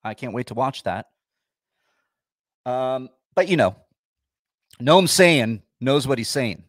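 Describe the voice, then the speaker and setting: A man's voice: medium pitch, expressive, slow, dry recording, studio quality. A man hosting a casual livestream, chatting with viewers in a sarcastic, grumpy way. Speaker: livestream host.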